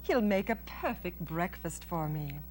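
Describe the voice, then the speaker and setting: A woman doing Charlotte, a calm wise spider. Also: fairly low pitch, a little hiss or hum, voice pushed down. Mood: cheerful, matter-of-fact. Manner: measured, cheerfully practical. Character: calm, wise female spider, matter-of-fact. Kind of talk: storybook read-aloud.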